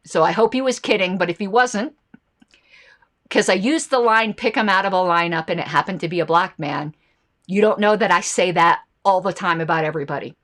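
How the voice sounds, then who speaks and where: A woman's voice: on the low side, fairly quick, a bit bright. A woman hosting a political commentary show, talking casually and reacting to viewer comments and ads. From United States.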